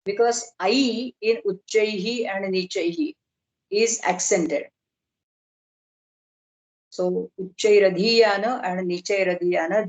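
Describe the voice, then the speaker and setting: A middle-aged woman lecturing on a video call, explaining slowly and carefully and drawing out technical terms. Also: medium pitch, darkish tone, muffled recording. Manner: measured, explanatory, slow on terms. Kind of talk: online academic lecture.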